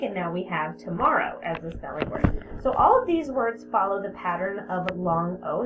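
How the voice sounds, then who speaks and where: A woman teaching a spelling lesson to young children, patient, sounding out words and repeating them. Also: fairly low pitch. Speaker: elementary school teacher. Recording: tinny phone-like audio with steady background hiss.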